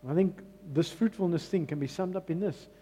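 A man's voice: high-pitched, brisk, warm tone, husky, big-room sound. A man preaching a sermon in a church, emphatic and repeating his key phrases. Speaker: pastor.

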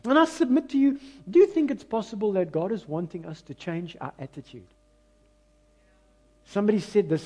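Animated South African preacher, high voice. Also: male voice, brisk. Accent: South African, mixing in Afrikaans. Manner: animated preaching, swings between loud and hushed; self-mocking, conversational asides to the congregation. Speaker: pastor. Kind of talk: sermon.

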